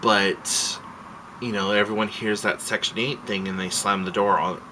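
A man's voice: on the low side, steady tone, normal speed, background noise. A man vlogging a casual rant, rambling and heartfelt, swearing freely and emotional as he tells his story.

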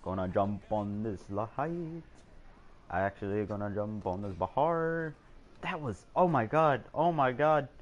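A teenage guy live-streaming a game and reacting out loud. His excitable, swearing, joking commentary swings widely in pitch. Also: measured pace, muffled recording. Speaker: gamer streamer.

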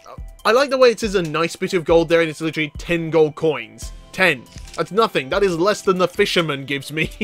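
A man commentating on a let's play in a chatty, excitable way, laughing often. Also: fairly high pitch, fairly quick, soft background music. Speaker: gaming video host.

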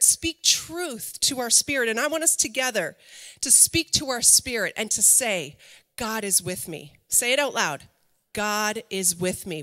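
A middle-aged woman pastor delivers a lively, conversational sermon, tossing rhetorical questions to her listeners. Her voice is bright and slightly high. A long reverb from the church hall trails behind her words.

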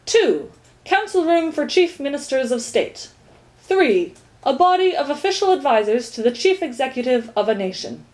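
A woman's voice: high-pitched, big pitch swings, normal speed, darkish tone, voice pushed up. A woman voicing a fussy male duke who recites dictionary definitions in a storybook reading. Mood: reciting.

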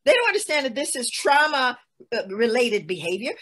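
A woman in her sixties gives an expressive, emphatic guest talk on a webinar. Her voice is high and husky, and it swoops widely in pitch as she tells stories. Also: a little fast. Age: 60s. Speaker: guest speaker. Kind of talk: lecture-style webinar talk.

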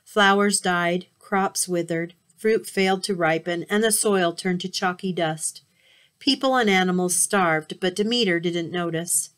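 A woman reading a myth aloud as a storybook, expressive with occasional slips and restarts. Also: lowish voice, unhurried.

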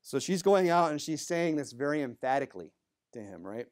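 A pastor preaching a sermon in a church, talking conversationally with many asides, moving between emphatic bursts and low, quiet remarks. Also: male voice, big pitch swings, a little fast. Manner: conversational, full of "you know" asides.

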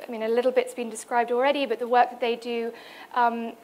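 A woman's voice: on the high side, little pitch movement, fairly quick, darkish tone. A woman presenting at a cultural event, speaking with many fillers and restarts as she introduces other artists. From United Kingdom. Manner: hesitant, many fillers, reads out quotes. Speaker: conference speaker. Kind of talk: presentation talk. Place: event hall.

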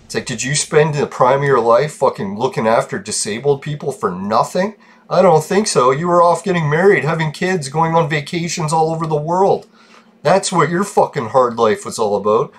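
A man in the middle of his range rants at his viewers in a casual vlog, swearing often and sounding fed up. He talks straight to his audience as the regular host of his own channel. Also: medium pitch. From Canada. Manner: frustrated, swearing, venting.

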